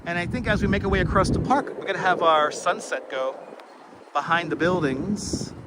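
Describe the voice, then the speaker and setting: A man with a high voice, speaking at a moderate pace, hosts a walking livestream outdoors, chatting casually and rambling to viewers. He wears a wireless clip-on mic on windy city streets, with wind and traffic noise behind him.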